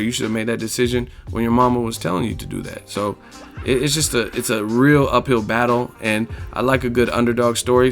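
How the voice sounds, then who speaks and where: A man's voice: fairly low pitch, a bit bright. Blunt, slangy man giving sports opinions. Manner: blunt, candid, slang-heavy, repeats "you know what I'm saying". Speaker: vlogger answering viewer questions. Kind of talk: casual opinion monologue.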